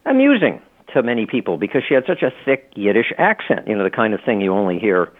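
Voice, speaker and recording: A man's voice: on the low side, big pitch swings, fast talker. A middle-aged man, an author and law professor, chatting as an interview guest, rambling with many restarts and fillers. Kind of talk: casual interview talk. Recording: tinny phone-line audio.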